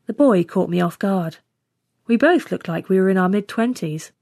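A woman's voice: mid-range voice, moderate pace, creaky, no echo, clean studio sound. Woman reading a story aloud. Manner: steady first-person storytelling. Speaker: story reader. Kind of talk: scripted narration.

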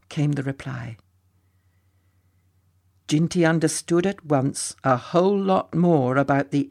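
A man reading a story aloud as narrator in a measured, expressive way. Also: fairly high pitch, vocal fry.

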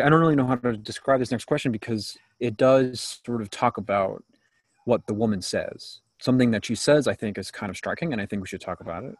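A man hosting a casual podcast interview, phrasing his questions hesitantly and haltingly. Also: on the low side, slightly rough, no echo.

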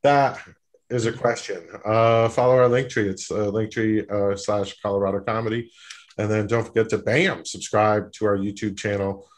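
A man co-hosting a comedy show, reading out plugs and bantering in a halting way. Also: lowish voice, fairly even intonation. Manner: halting, filler-heavy.

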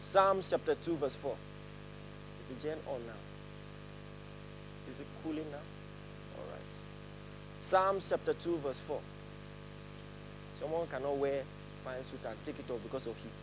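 A man's voice: fairly high pitch, a little slow, pauses often, background noise. A man preaching a sermon, laughing often and leading his congregation in reading aloud together. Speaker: pastor. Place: church hall with a congregation.

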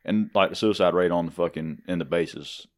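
A man's voice: deep voice, brisk. A young man co-hosting a podcast, swearing constantly in crude casual banter. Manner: profane, loud, swears constantly. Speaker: podcast co-host.

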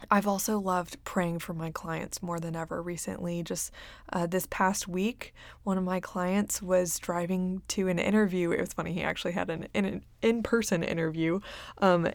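A young woman hosting a faith and career podcast, speaking in an earnest, casual monologue with many ums and soft laughs. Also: lowish voice, vocal fry, no room sound. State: getting choked up. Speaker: podcast host and career coach.

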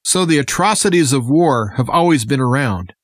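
A man's voice: mid-range voice, animated, moderate pace, no echo, clean studio sound. A man guest-presenting a radio segment, talking in an earnest, impassioned way as he addresses listeners. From United States. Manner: earnest, impassioned political speaking. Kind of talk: scripted radio monologue.

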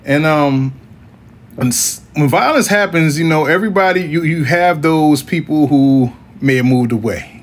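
Blunt, profane man with a higher voice. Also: normal speed. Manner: rambling, with frequent restarts and laughs. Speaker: podcast host. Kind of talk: casual podcast chat.

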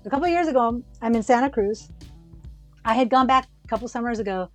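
An American woman tells a long story on a podcast with lively, rambling energy. She restarts her sentences often. Her voice sits a bit high, with faint music underneath. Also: fast. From United States. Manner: animated, rambling with many restarts. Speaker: podcast co-host. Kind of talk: casual storytelling conversation.

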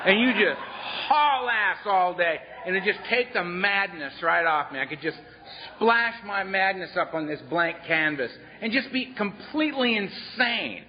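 Blunt, animated male storyteller, lo-fi. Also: high voice. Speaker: recovery workshop speaker. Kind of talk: storytelling talk. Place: workshop room. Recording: dull lo-fi workshop recording.

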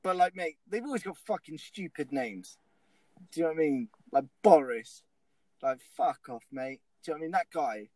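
A man's voice: on the high side, animated, normal speed, warm tone, no echo, poor audio. A young man telling comic stories in casual chat, swearing often and laughing along. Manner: swears a lot, laughs mid-story.

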